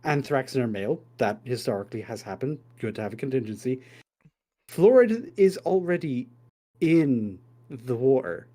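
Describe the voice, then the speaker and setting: A man co-hosting a podcast with a husky voice, wry and questioning. His pitch moves a lot. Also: animated, moderate pace, warm tone. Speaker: podcast co-host. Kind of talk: casual chat.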